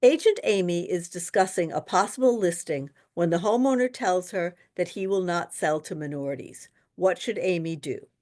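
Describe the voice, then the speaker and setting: A woman tutoring for a real estate exam in a webinar, talking casually and telling lively stories with quoted dialogue. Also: on the low side, moderate pace, few pauses. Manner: chatty, animated storytelling with quoted dialogue. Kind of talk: webinar lesson with anecdotes.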